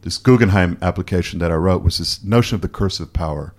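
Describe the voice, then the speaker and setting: A man from Canada being interviewed, talking candidly and haltingly, restarting his sentences as he questions himself. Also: low-pitched. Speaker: photographer guest. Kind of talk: casual interview conversation.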